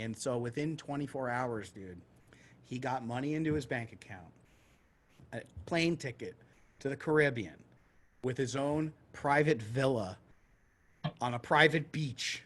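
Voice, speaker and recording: Husky-voiced male podcast co-host, mid-pitch, loose animated storyteller who acts out quotes. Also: moderate pace, pauses often. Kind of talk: casual storytelling chat.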